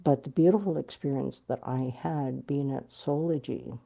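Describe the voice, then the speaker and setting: A middle-aged woman telling a personal story in an interview, animated and blunt, swearing freely. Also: extremely low pitch, normal speed, creaky. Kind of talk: candid storytelling.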